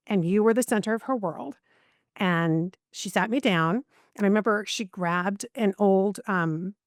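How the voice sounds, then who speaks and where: A woman's voice: medium pitch, no room sound, studio quality. A middle-aged woman, a podcast guest and genealogist, telling a personal story in an interview and acting out the voices of the people in it. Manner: animated, acts out quoted voices.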